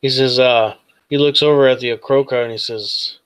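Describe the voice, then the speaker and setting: A man narrating as game master of a tabletop role-playing game, hesitant with many pauses and fillers. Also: medium pitch, fairly even intonation, clear, resonant tone, dry recording.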